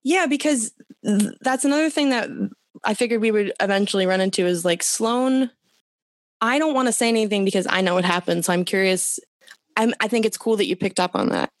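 A woman co-hosting a podcast, retelling TV episodes in animated, profane casual chat. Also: medium pitch, a little fast, no echo. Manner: animated and profane, with frequent fillers. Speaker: podcast co-host. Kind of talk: casual chat recapping a TV show.

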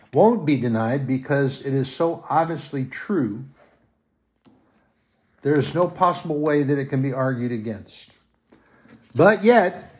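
A man's voice: medium pitch, a little mellow. A man preaching a sermon at home, reading scripture aloud and asking emphatic rhetorical questions. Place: at home with his dogs.

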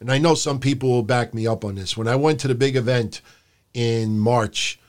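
A man co-hosting a podcast at an ordinary middle pitch, giving blunt and sarcastic opinions. He swears casually and mocks things he dislikes. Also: moderate pace. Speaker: co-host of a wrestling podcast.

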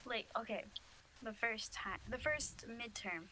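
Young woman podcast co-host, bright slightly high voice, rambling story with fillers, faint background noise. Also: a little slow, poor audio. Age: young adult. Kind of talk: casual chat.

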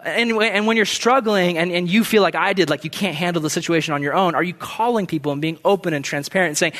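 High-voiced animated young preacher man. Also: fairly quick. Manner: animated storyteller, shouting bursts. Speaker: pastor. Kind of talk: sermon.

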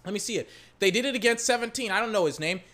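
Profane ranting football fan with a bright voice. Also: mid-range voice, racing. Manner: profane, ranting, yelling at referees. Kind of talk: live game reaction commentary.

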